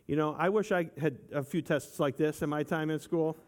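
A male pastor delivering a sermon, his voice sitting a little higher than most men's. He reads a passage aloud, then unpacks it, lifting his voice to stress the key lines. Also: moderate pace, few pauses, a little mellow. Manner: reads scripture aloud then explains it, rising and emphatic on key phrases.

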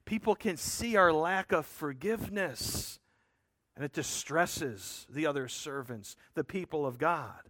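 A man's voice: a little high, lively intonation, a little slow, fairly bright tone, no echo, studio quality. A man preaching a sermon, explaining a scripture passage in an earnest, emphatic way with rhetorical asides to his listeners.

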